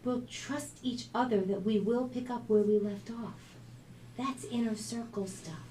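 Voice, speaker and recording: A woman voicing a calm, earnest teenage girl who reasons things out patiently. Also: fairly high pitch, unhurried, roomy sound, noisy background, voice pushed up, lightly acted.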